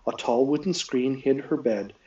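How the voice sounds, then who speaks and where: A man reads a novel aloud in a steady storytelling voice at a middling pitch, now and then correcting himself. The recording is dull and lo-fi. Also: moderate pace, distant mic. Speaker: reader. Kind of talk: reading a novel aloud live.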